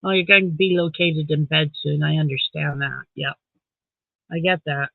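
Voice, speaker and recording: A man's voice: on the high side, steady tone, normal speed, creaky, no room sound. A man from Saskatchewan, Canada, hosts a casual late-night live stream from home, reading viewer comments aloud, answering them, and talking to his dog. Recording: dry, phone-like sound.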